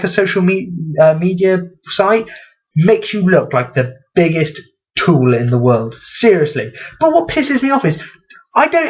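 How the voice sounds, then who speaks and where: Sarcastic young man ranting. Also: highs cut off. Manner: sarcastic, swears freely, animated pitch jumps. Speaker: vlogger. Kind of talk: ranting comedic vlog.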